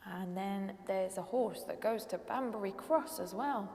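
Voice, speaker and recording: A woman's voice: medium pitch, lively intonation, measured pace, few pauses, dark tone, roomy sound, big-room sound. A woman leading a toddler music session with nursery rhymes, songs and animal noises, coaxing the group to clap and join in. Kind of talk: sing-song rhymes and songs for small children. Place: church hall.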